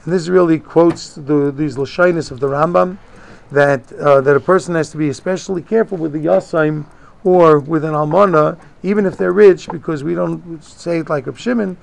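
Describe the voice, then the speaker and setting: In a gravelly, somewhat high voice at a moderate pace, this Torah teacher works through a religious text. He reads out Hebrew phrases one at a time and explains them in casual English, Talmudic-lesson style.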